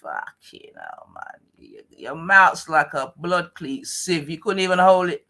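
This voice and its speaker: A woman's voice: lowish voice, very animated, a little slow, pushed and bright. A woman with a London accent hosting a live stream, mocking and swearing at a caller in a heated argument.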